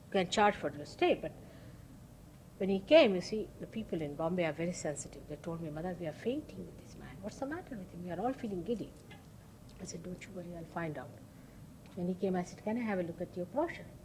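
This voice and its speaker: A woman's voice: fairly low pitch, expressive, fast. Woman, spiritual teacher, informal talk, storytelling, acts out dialogue, emphatic repeats, faint background hiss. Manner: emphatic, repeats key words.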